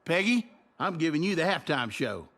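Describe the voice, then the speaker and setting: An actor voicing a fussy school board member in an animated sitcom, with a nasal edge. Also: male voice, a little high, moderate pace, slight background noise.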